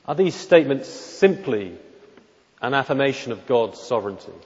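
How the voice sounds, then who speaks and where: A man preaching an expository sermon in church, measured and emphatic, often asking rhetorical questions. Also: mid-range voice, very animated, a little mellow. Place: church during a worship service. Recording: dull lo-fi recording with long hall reverb.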